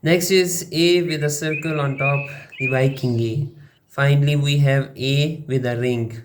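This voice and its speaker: A young man from Pakistan, a language learning YouTuber, giving a jokey, unhurried explainer with pauses between phrases. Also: a little high, fairly even intonation, background noise. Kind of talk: playful explainer monologue.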